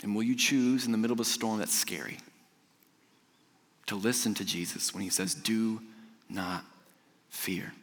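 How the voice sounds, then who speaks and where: A man preaching a sermon to his church, swinging from loud, emphatic lines to hushed, quiet ones. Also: lowish voice, fairly quick, pauses often, long reverb tail. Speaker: pastor.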